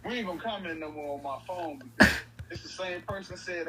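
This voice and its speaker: A man's voice: on the high side, a little fast, a crowd in the background, low-quality recording. A man co-hosting a casual podcast, teasing and laughing through his lines. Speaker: podcast co-host.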